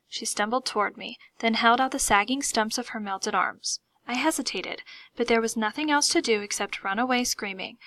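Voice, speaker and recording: A woman reading a first-person story aloud in a lively, expressive comic manner. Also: a little high, creaky, no room sound. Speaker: audiobook reader.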